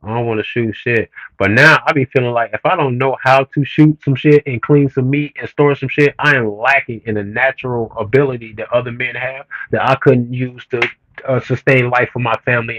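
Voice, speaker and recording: Casting: man, middle-pitched voice, dry close sound, streetwise profane livestream rant with hard emphasis. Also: steady tone, brisk, a bit bright, no room sound, muffled recording. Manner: profane, blunt, heated rant with rising emphasis. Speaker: streamer reading comments.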